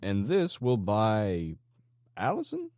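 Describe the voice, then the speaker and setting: A man doing a calm, menacing gang leader. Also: lowish voice, dry recording, studio quality, pitched above the performer's own voice, full character voice. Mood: calm menace. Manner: calm, slow and coaxing.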